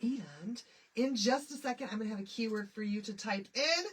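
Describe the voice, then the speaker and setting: A middle-aged woman from Michigan hosts a casual live craft stream, chatty and bubbly as she greets viewers by name. Her voice is husky and on the high side at a normal speed, and she sounds nasal and stuffy from a head cold.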